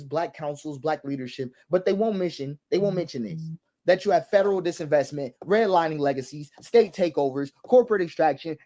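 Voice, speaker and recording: A man's voice: high voice, a little mellow. Impassioned man repeating his points. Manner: emphatic, repeats key phrases, rhetorical questions. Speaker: commentator. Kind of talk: impassioned social commentary.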